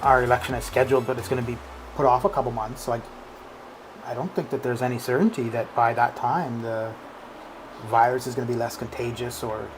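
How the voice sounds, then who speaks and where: Game streamer, mid-pitch voice, loose rambling chat, keeps restarting sentences, faint music underneath. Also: rough recording. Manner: rambling, with frequent restarts and fillers. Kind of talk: casual live-stream chat. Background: faint background music.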